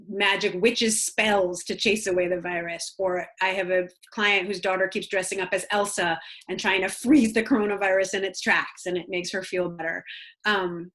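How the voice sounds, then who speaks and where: Earnest woman giving parenting advice. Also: mid-range voice. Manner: earnest, warm storytelling with many "um"s and "you know"s. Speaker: child psychologist guest speaker. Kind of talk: conversational talk with practical advice.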